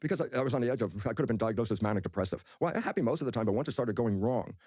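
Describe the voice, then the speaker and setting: A man guesting on a podcast who talks at a breakneck pace. He tells his stories with excitement and repeats words as he goes. His voice sounds dry and close, with no room echo. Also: mid-range voice, racing. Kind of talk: animated storytelling in conversation.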